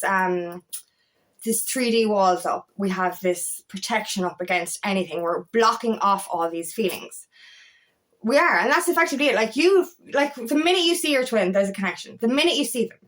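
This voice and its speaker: Woman life coach, casual vlog delivery, higher-pitched, blunt and emphatic with frequent swearing. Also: expressive, moderate pace, a bit bright. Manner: emphatic, swears freely, rising to exasperated outbursts. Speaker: feminine empowerment coach. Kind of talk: casual talk to camera.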